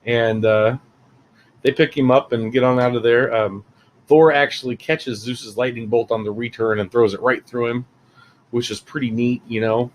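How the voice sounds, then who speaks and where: A man's voice: mid-range voice, fairly even intonation, moderate pace, a little hiss or hum, rough recording. A man giving a casual, rambling spoiler review of a film, full of fillers and asides. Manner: rambling, chatty, many fillers.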